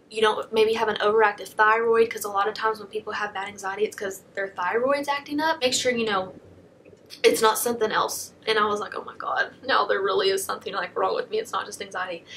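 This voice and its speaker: A young woman YouTuber telling a personal story in a soft, confessional way, packing almost every phrase with "like". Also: medium pitch, brisk, slight background noise. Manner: heavy filler "like", soft confessional.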